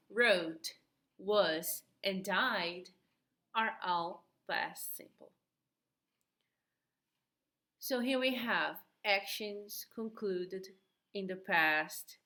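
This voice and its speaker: A woman teaching an English grammar lesson, slow and patient, repeating key words, a native Portuguese speaker. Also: medium pitch, pushed and bright, echoey room.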